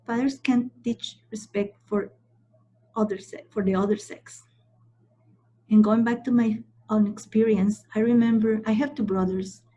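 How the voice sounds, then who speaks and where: A woman trainer delivers a training lecture in a medium-pitched, mellow, slightly rough voice, with the highs cut off in the recording. She's emphatic, repeats her points, and keeps checking in with the audience by asking "okay?"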